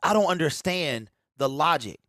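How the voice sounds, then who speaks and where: A man's voice: a little high, lively intonation, moderate pace, sharp tone, no echo, studio quality. A man hosting a fan sports talk show, ranting emphatically, repeating his points and addressing listeners directly.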